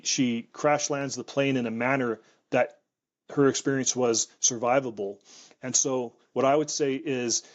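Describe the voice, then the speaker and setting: Halting, earnest man on muffled audio. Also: mid-range voice, darkish tone. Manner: halting, repeats words while thinking. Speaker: wildfire expert guest. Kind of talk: reflective interview storytelling.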